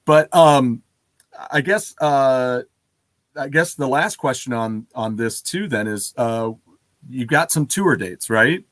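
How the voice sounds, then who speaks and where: A man from the United States hosting a casual interview, joking and relaxed. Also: medium pitch, takes it slowly, no echo. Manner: jokey, laid-back. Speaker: podcast host.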